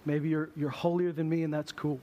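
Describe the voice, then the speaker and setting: A man's voice: on the high side, flat delivery, fairly quick, warm tone, lo-fi sound, a little hiss or hum. A man preaching a sermon in a church, telling stories with humor and acting out voices. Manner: humorous storytelling, acts out voices. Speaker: pastor.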